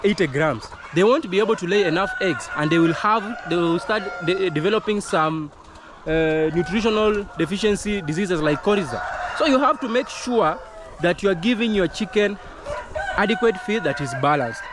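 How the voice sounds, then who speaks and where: A man's voice: high-pitched, expressive, a little fast, noisy background. A man from Kenya, a poultry farming consultant, giving earnest, repetitive advice in a vlog to camera, with chickens clucking behind.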